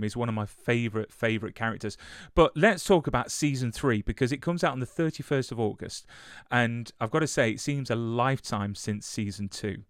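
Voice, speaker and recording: A man's voice: mid-range voice, no echo, studio quality. A man, hosting an interview and heaping effusive praise, often repeating his words. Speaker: interview host. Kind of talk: casual interview chat.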